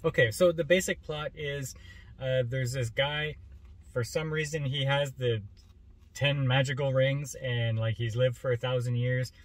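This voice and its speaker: A male co-host on a casual movie review show, with a mid-range voice and a relaxed, stop-and-start way of talking. The sound is dry and close to the mic. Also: medium pitch, dry recording. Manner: halting, repeats words, laid-back.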